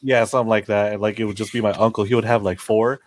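A young American man, a podcast co-host, telling lively stories in casual chat, swearing often and acting out the people he quotes. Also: on the low side, fast talker. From United States. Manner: animated storyteller, swears often, acts out quotes.

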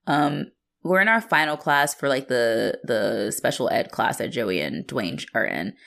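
A woman's voice: very deep voice, expressive, gravelly, a bit bright. A woman co-hosting a podcast, chatting casually and acting out characters as she recaps. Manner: chatty, heavy use of "like", quick to act out characters. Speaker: podcast co-host.

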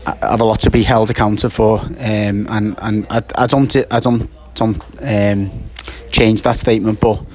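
A man's voice: lowish voice, little pitch movement, a little mellow. A man, a little out of breath, co-hosting a casual post-match football reaction and stumbling over his words. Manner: halting, many restarts and fillers. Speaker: football podcast co-host.

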